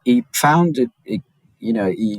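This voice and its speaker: A man being interviewed about his reporting, who tells the story quickly, with many restarts and stammers. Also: medium pitch, lively intonation, dry recording, rough recording. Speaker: guest author and journalist. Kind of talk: casual interview chat.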